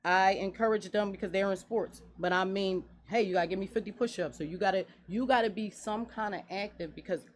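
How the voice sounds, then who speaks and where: A woman in her forties, a guest business owner in a radio studio interview, talking in an earnest, animated way. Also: medium pitch, fairly quick, hardly any pauses. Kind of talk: casual interview talk.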